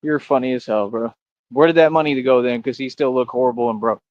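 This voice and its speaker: A man's voice: mid-range voice, fast talker, a little mellow, highs cut off. Boastful man ranting at his chat. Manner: boastful, confrontational, says bro a lot. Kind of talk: livestream rant to chat.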